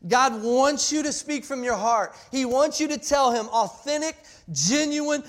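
A man in his forties preaching a sermon, passionate and full of restarts, swinging between loud emphasis and quiet asides. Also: very high-pitched, expressive, a little slow. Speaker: pastor.

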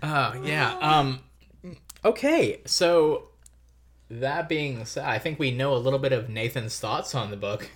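A man hosting a podcast in casual chat, chatty and quick to laugh. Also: medium pitch, expressive. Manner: chatty, laughing, full of fillers. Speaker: podcast host.

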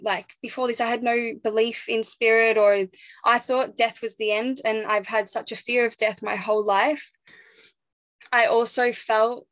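A young pregnant woman recounts a personal story in a reflective, halting way, stopping and restarting as she searches for words. Her voice sits a little high, and the sound is close and dry with no room around it. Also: fairly bright tone, no echo. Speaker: interview guest.

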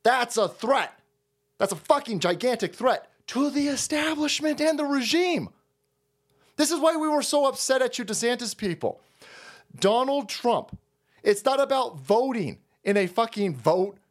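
A man's voice: very high-pitched, animated, moderate pace. A man hosting a stream, delivering a heated, profane political rant full of repetition and sarcastic mock quotes.

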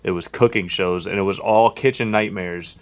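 A man with a low voice telling an easygoing, rambling story on a podcast. He leans on plenty of fillers as he goes. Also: fairly even intonation, normal speed, a little hiss or hum. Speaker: podcast co-host. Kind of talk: casual chat.

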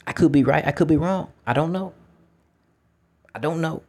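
A man's voice: on the high side, moderate pace, darkish tone. A man who works as a teacher, talking through his thoughts in a casual, reflective monologue outdoors, repeating words and swearing now and then. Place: outdoors with feet in water.

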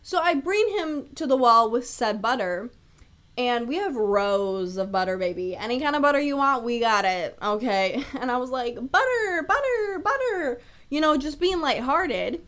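A woman's voice: fairly high pitch, animated, normal speed, fairly bright tone. A young woman hosting her own podcast, chatting casually on her own, laughing often and swearing freely. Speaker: podcast host. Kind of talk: casual solo podcast chat.

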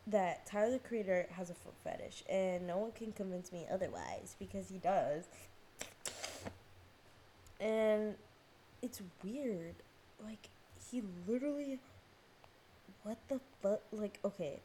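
A young woman talks alone on her podcast in a loose, rambling way. She says "like" all the time, swears freely, pokes fun at herself and drifts off topic. Her voice is mellow and soft-edged, with a faint hiss under it. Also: medium pitch, expressive, unhurried, pauses often. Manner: rambling, self-mocking, heavy use of "like", frequent swearing; jumps between topics, loses her thread. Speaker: podcast host. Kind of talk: casual solo chat. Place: at home, on her phone.

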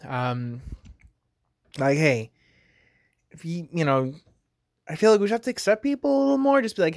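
Speaking at a normal pace, this high-pitched, gravelly American man sounds a little mellow and leaves long pauses. He hosts a podcast, giving loose solo commentary stuffed with fillers such as "like" and "you know." There's no echo, and the sound is studio quality.

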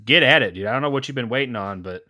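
A man's voice: mid-range voice, animated, very fast, pushed and bright, no room sound, clean studio sound. A man co-hosting a podcast in casual chat, mostly agreeing with short reactions. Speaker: podcast co-host.

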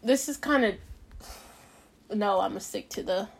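A woman's voice: mid-range voice, a little slow, vocal fry, slightly rough. A woman hosting a casual podcast who reads a bedtime story aloud and often rambles off topic, peppering her talk with "like.". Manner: rambling, drifts off topic, frequent "like" fillers. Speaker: podcast host.

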